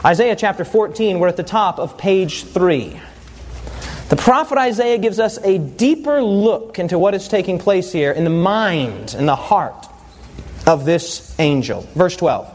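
Very high-voiced preaching man. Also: lively intonation, a little slow, darkish tone. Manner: storytelling, humorous, quizzes the congregation. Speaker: pastor. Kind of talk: sermon.

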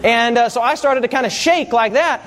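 A man's voice: very high-pitched, moderate pace, a faint crowd. A man preaching a sermon to a congregation, telling stories with humor and asking the audience to answer back. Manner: animated storytelling with audience call-and-response.

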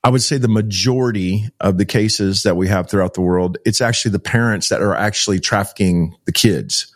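A middle-aged Texan who founded a child rescue organization tells stories in an interview as an animated storyteller, acting out the quoted dialogue. His voice is lowish and fairly quick.

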